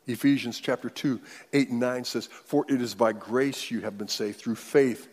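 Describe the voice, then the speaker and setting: A man preaching a sermon, moving between loud declarations and hushed near-whispers. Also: mid-range voice, normal speed, few pauses, slightly rough, big-room sound. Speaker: pastor.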